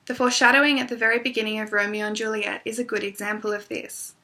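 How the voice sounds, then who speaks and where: A woman teacher giving a scripted classroom lesson, reading in a clear, measured way and reciting verse. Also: on the high side, level tone, pushed and bright.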